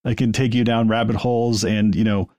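A man's voice: fairly low pitch, flat delivery, a little fast, darkish tone, dry recording. A man co-hosting a casual podcast, chatty and self-deprecating as he describes a hobby. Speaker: podcast co-host. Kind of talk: casual panel chat.

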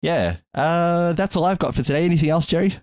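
A man's voice: fairly high pitch, brisk, darkish tone, no room sound. A man co-hosting a podcast, talking casually with many fillers and restarts. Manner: hesitant, lots of fillers and restarts. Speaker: podcast co-host. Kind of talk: casual chat.

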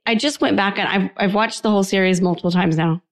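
A woman's voice: medium pitch, quick pace. A middle-aged woman talking casually as a panelist, chatty and enthusiastic as she tells a story. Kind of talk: casual chat.

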